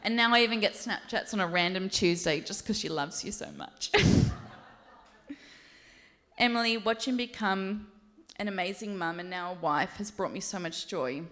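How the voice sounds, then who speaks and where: A woman's voice: mid-range voice, normal speed, pushed and bright. A woman giving a maid of honor speech at a wedding reception, reading a prepared toast and laughing and tearing up along the way.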